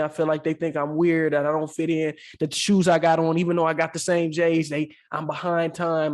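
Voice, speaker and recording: A man co-hosting a podcast, talking earnestly and emotionally in casual slang, calling the listener "bro" again and again. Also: fairly high pitch. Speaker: podcast co-host. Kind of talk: heartfelt casual podcast talk.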